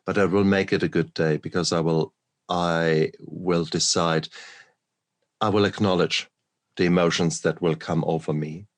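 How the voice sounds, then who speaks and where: A man hosting a podcast, speaking in a measured, deliberate way and repeating phrases for emphasis. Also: sits low, steady tone. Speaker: podcast host, physician. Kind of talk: reflective conversational talk.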